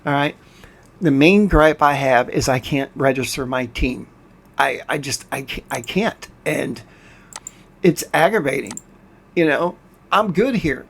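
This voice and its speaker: A man's voice: medium pitch, a little slow, vocal fry, pauses often. An older man hosting a gaming channel, commenting on a game while playing, frustrated and ranting, often stumbling and restarting his words. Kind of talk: game commentary over screen capture.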